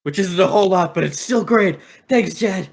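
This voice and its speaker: A man's voice: high-pitched, normal speed, vocal fry, pitched above the performer's own voice. Goofy young adventurer, as a man puts him on. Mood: cheerful. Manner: upbeat, self-deprecating.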